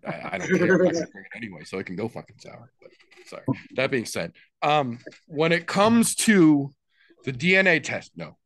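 A man's voice: a little high, very animated, fairly quick, a bit bright. A man hosting a podcast, judging a debate in a playful way with mock-dramatic flourishes. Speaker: podcast host. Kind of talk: casual podcast banter.

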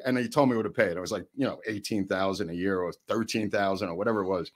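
An older man, telling rambling family stories on a podcast, laughing often and jumping his voice up high when he quotes people. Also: rapid-fire, hardly any pauses. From New York. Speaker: podcast co-host. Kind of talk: storytelling in casual chat.

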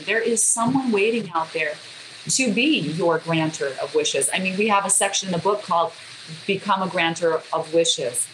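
A woman interviewed as a guest author, telling earnest stories in casual conversation. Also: medium pitch. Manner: earnest storytelling, acts out quoted speech. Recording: echoey room with background noise.

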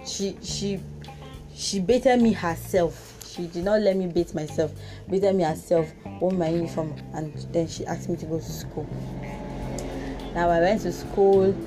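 A woman with a Nigerian accent hosting a podcast, telling a personal story in a casual, expressive way with exclamations and Pidgin touches. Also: lowish voice, moderate pace, faint music behind. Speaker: podcast host.

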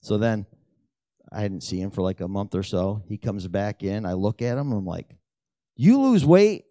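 A middle-aged man telling prayer stories in a lively, animated way, acting out the dialogue. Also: moderate pace, no room sound, studio quality. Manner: animated storyteller who acts out dialogue with big pitch jumps. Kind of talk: storytelling testimony talk.

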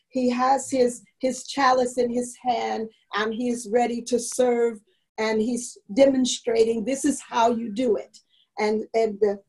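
A woman's voice: a little high, darkish tone, low-quality recording. A woman leading a church class in an online meeting, telling a story and earnestly exhorting her listeners.

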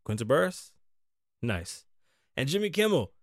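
A man's voice: fairly high pitch, lively intonation, normal speed, dry recording, clean studio sound. A young man hosting a casual news podcast, ranting sarcastically with heavy swearing and mocking asides. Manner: profane, rambling, sarcastic rants with mocking asides. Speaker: podcast host.

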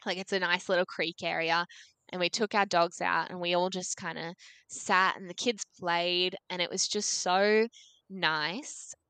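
A woman's voice: on the low side, steady tone, unhurried, sharp tone, clear, resonant tone, dry recording. A young Australian woman in her twenties, a podcast guest telling a story casually, peppering her talk with "like" and acting out what people said. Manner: chatty, full of "like", acts out dialogue.

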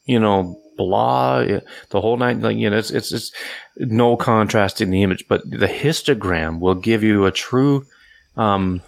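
Male podcast co-host, deep and gravelly, rambling casual talk. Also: unhurried. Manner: rambling, many fillers and restarts. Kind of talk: casual chat.

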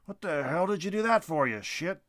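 A man voicing a gruff, stern father who barks and scolds in a storybook reading. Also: sits high, lively intonation, moderate pace, fairly bright tone, voice pushed up. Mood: angry. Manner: barking, scolding.

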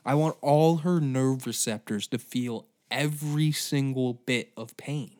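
A man's voice: medium pitch, measured pace, a little mellow. A man hosting a podcast, ranting in a rambling, heavily profane, exaggerated way. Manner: swears constantly, rambling, exaggerated outbursts. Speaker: podcast host. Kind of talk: profane comedic rant.

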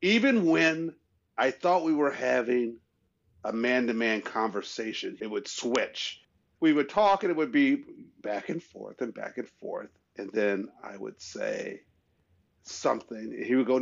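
In a muffled recording, a man co-hosting a casual chat show tells personal stories earnestly. His voice is sing-song and unhurried with vocal fry, and he acts out quoted voices with a rising pitch.

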